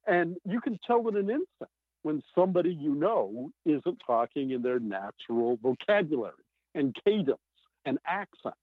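A novelist being interviewed, talking in an animated, emphatic way with many fillers over a remote line. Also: male voice, a little high, moderate pace, slightly rough, dry recording. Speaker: novelist guest. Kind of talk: podcast interview. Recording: tinny phone-like line.

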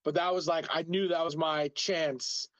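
A man's voice: fairly high pitch, flat delivery, unhurried, a bit bright, no echo. A man hosting a casual conversation, telling a story in a rambling way with lots of filler words.

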